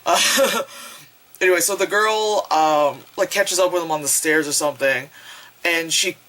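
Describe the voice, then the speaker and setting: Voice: medium pitch, a little slow, sharp tone, poor audio. A reviewer recapping a horror film in a casual vlog, rambling and swearing freely and acting out the characters' lines. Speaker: movie reviewer.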